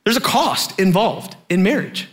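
A man preaching as a youth pastor, telling a personal story in an animated way and laughing often. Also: high voice, measured pace.

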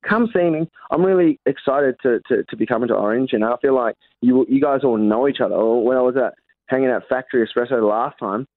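Australian comedian guest on a phone line: lively storyteller, dry tinny sound. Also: male voice, mid-range voice, quick pace, no echo. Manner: animated storytelling, stammering restarts. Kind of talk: phone interview chat. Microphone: phone call.

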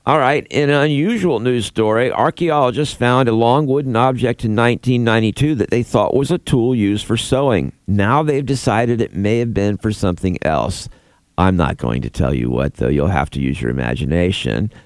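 A man's voice: fairly low pitch, moderate pace, no echo, studio quality. A man co-hosting a morning radio show, reading news and telling stories with a laugh. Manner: laughs through stories, playful storytelling. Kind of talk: casual morning radio banter.

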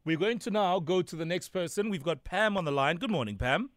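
A man's voice: high-pitched, animated, a bit bright, no echo. Man hosting a radio phone-in. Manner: brisk, friendly, moves callers along. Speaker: radio host.

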